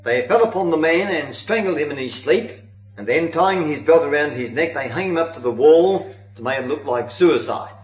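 A man's voice: on the high side, animated, normal speed, soft background music. Earnest man preaching church history. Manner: earnest storytelling with occasional hesitations. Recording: dull roomy old recording.

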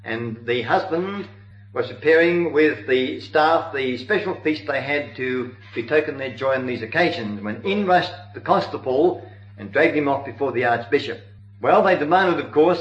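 A man's voice: medium pitch, lively intonation, moderate pace. A man giving a sermon on church history, telling it earnestly with occasional hesitations, in a dull, roomy old recording. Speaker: preacher.

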